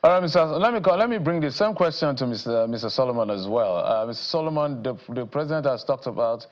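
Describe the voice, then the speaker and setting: A man's voice: mid-range voice, lively intonation, quick pace, dull audio. A man with a Nigerian accent hosting a TV panel, asking probing, pointed questions. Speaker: TV news host. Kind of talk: moderating a panel discussion.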